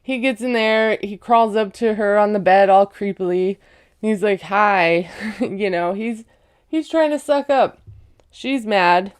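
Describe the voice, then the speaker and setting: Chatty sarcastic woman with a smooth voice. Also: mid-range voice, a little slow, a little mellow. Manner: chatty, sarcastic, laughs at own jokes. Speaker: recap vlogger. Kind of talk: casual reality-show recap.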